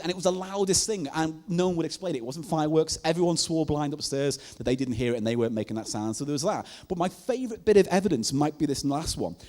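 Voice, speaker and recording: A man doing stand-up comedy at a live show, telling stories in an animated way and laughing at his own jokes. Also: a little high. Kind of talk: comic storytelling on stage. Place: live comedy night in a venue.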